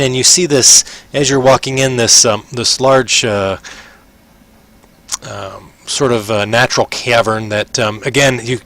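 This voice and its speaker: A relaxed game master, a man, describes the scene at an easy pace. He often pauses to hunt for the right word. His voice has a mid-range pitch. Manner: laid-back, halting, searching for words. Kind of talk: narrating a tabletop game.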